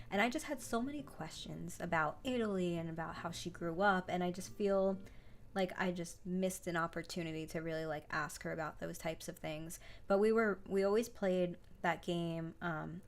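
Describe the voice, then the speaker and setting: A woman's voice: lowish voice, a little hiss or hum. A young adult woman hosting a live stream, chatting casually in a rambling way with lots of fillers and restarts. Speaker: livestream host. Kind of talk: casual livestream chat.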